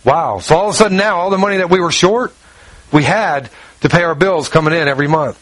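A man's voice: fast talker, a bit bright, dry recording, rough recording. A man preaching a sermon, telling a personal story in a folksy way, acting out quoted dialogue and reading scripture. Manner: folksy storyteller, acts out quoted dialogue, drops low for asides. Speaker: pastor.

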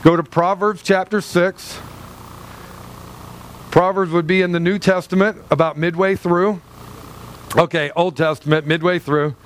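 A man's voice: sits high, fairly even intonation, a little slow, long pauses, slight background noise. A middle-aged man, a pastor, preaching a sermon in a loose, conversational way, often restarting his sentences and acting out the voices of people he quotes.

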